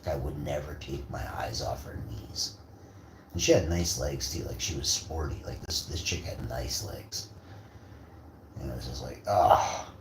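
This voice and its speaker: A man's voice: rumbling low, fairly even intonation, moderate pace. A man tells rambling stories, swearing freely and bragging as he goes. He is recorded in an echoey room with a faint hiss of background noise. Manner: profane, rambling, boastful. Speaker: vlogger. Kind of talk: casual storytelling rant.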